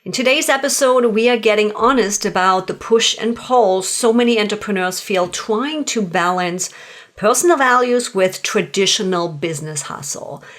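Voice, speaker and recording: A woman's voice: mid-range voice, normal speed. A woman in her fifties hosting a podcast interview, chatty and self-deprecating, drifting into little asides. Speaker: podcast host.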